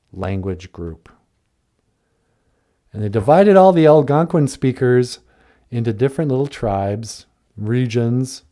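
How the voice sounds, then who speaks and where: Slow, lively-pitched joking male host. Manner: joking, laid-back, reads viewer comments aloud. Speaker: show host. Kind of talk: casual live-stream chat.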